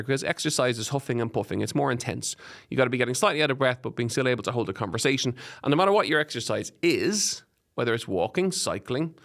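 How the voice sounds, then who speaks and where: A man with an Irish accent hosting a podcast, giving fitness advice in an energetic, encouraging way and listing examples in quick runs. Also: medium pitch, vocal fry. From Ireland. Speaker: podcast host and fitness coach. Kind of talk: solo podcast advice talk. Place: podcast studio.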